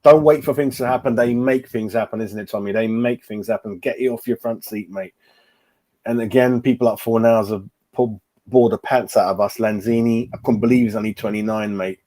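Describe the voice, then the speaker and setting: Fairly quick and mellow, with a fairly low pitch and fairly even intonation, a fan channel host in his 40s runs a casual football live stream. He's chatty, reading the chat out loud and calling everyone mate.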